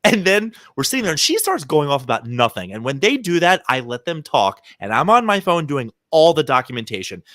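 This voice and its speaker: Man, podcast co-host, lively storyteller, bright tone, dry close sound. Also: on the high side, a little fast, hardly any pauses, no room sound. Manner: animated storyteller, acts out quoted people. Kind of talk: casual chat, storytelling.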